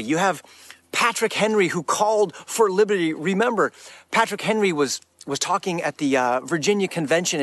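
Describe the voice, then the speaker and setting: Earnest high-voiced man preaching. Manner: earnest and emphatic, with many restarts. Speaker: Christian speaker. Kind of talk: preaching talk to camera.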